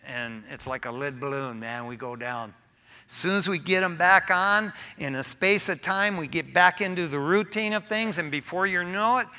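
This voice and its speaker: A man preaching a sermon to his church in a casual, animated way, often tossing in "man". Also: mid-range voice. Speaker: pastor.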